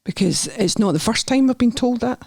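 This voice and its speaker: A middle-aged woman with a Scottish accent, a nurse therapist talking as a guest on a podcast, chatty and animated as she tells her story. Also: a little high, moderate pace, vocal fry, slightly rough, no echo, studio quality. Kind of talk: candid podcast conversation.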